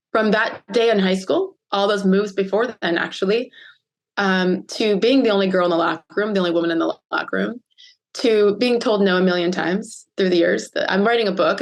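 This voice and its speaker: A woman in her fifties from the United States, telling a personal story as a podcast guest, earnest and emotional with pauses. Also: mid-range voice. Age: 50s. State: choked up.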